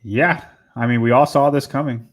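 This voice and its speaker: Male podcast guest, mid-range voice, measured and confident. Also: mid-range voice, steady tone. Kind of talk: casual podcast chat.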